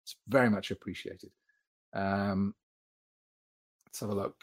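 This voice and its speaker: A man's voice: on the low side, fairly even intonation, unhurried. A British man hosting a live stream, chatting frankly and reading out viewer comments with plenty of fillers. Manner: frank, conversational, many fillers. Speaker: host.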